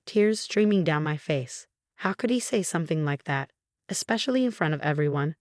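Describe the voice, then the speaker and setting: A woman narrating a first-person story in an even, measured way. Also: deep voice, dry recording, clean studio sound.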